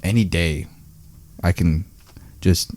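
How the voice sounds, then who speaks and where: Young male co-host; lower voice, slow and hesitant, reflective chat. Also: a little mellow, no echo. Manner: reflective, hesitant, many "you know"s. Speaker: podcast co-host. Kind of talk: casual podcast chat.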